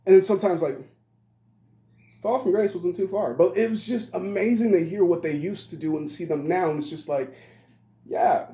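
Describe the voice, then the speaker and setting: A man's voice: high-pitched, normal speed, dark tone. A man in his twenties giving a rambling monologue, blunt and profane. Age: 20s. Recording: roomy echo.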